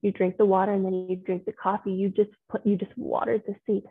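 A woman's voice: medium pitch, little pitch movement, brisk, husky, dry recording. A woman working as a transformational coach, talking a group through their feelings over a video call in an affirming, encouraging way and calling people pet names. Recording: phone-like video call audio.

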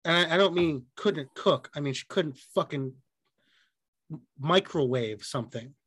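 A man with a fairly high voice co-hosts a casual podcast chat, recorded dry and close on the mic. He swears freely and tells animated stories, acting out the people in them. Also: a little slow, slightly rough, no echo. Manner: profane, animated storytelling with acted quotes. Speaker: podcast co-host.

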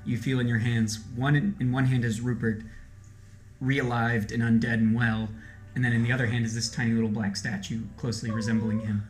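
A man narrating as game master in a tabletop role-playing game, animated and quick to laugh. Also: medium pitch, reverberant, soft background music.

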